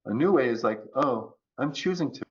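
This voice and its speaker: A man talking as a podcast guest about choice and resilience, acting out quoted voices in an animated way. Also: mid-range voice, moderate pace, muffled recording. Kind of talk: conversational coaching talk.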